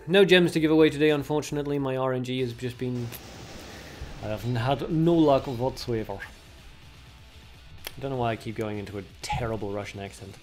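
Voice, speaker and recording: A man's voice: medium pitch, moderate pace, long pauses, faint music behind. A man streaming a card game, chatting casually and thinking aloud with plenty of fillers. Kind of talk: casual livestream commentary.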